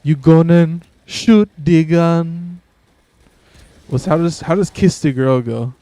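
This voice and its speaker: A man's voice: fairly high pitch, fairly even intonation, a little slow, dark tone, no echo. A man giving casual, profane, self-amused commentary while playing a video game. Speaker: gaming streamer.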